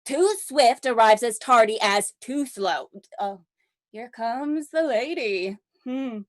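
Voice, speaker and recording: Woman as a kindly old friar, slow and measured, light high voice. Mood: counseling. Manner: slow, measured, with playful asides. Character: wise, joking old male friar.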